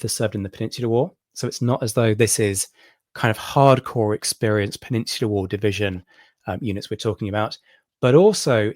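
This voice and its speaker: A man's voice: mid-range voice, a little mellow, dry recording, studio quality. A man hosting a history livestream, explaining a battle in detail with frequent ums and restarts. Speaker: history channel host.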